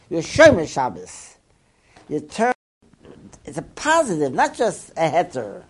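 Male Torah teacher, lively up-and-down delivery, peppers English with Hebrew terms. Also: a little high, measured pace, pauses often, husky. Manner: animated, asks the listeners rhetorical questions. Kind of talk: Torah class lecture.

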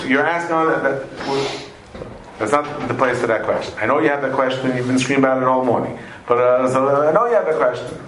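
Man teaching a Talmud class in an echoey room. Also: medium pitch. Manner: animated, repeats phrases, weaves in Aramaic and Hebrew terms. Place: classroom with students. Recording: echoey room, faint noise.

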